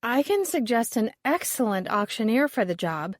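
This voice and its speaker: A woman's voice: a little high, big pitch swings, moderate pace, dry recording, studio quality, voice pushed up. A woman voicing an eager, polite young woman appraiser.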